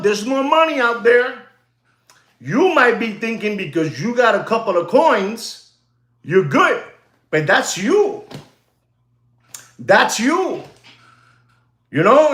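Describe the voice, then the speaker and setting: High-voiced man ranting in an echoey room. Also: fairly bright tone. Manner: emphatic, repetitive, mixes in Spanish phrases. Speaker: watch dealer hosting a livestream. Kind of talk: ranting livestream monologue.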